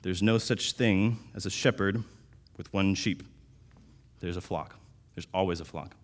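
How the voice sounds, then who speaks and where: Deep-voiced man preaching conversationally. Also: measured pace. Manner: conversational, with restarts and sudden louder emphasis. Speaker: pastor. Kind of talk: sermon.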